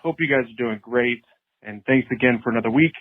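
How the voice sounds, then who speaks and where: A man's voice: medium pitch, a little fast, no room sound. Man from Colorado on a phone line. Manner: friendly, upbeat, fillers like "um". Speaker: caller leaving a voicemail. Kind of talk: casual voicemail message.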